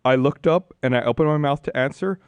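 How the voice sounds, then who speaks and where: A man's voice: medium pitch, brisk, clean tone, no room sound. A man on a podcast telling an embarrassing story in a sheepish, casual way. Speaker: podcast host.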